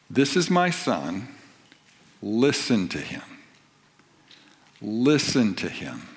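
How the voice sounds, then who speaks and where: Man, pastor, sermon, scripture reading, emphatic, lively intonation. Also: mid-range voice, creaky. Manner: reads scripture aloud and then explains it conversationally.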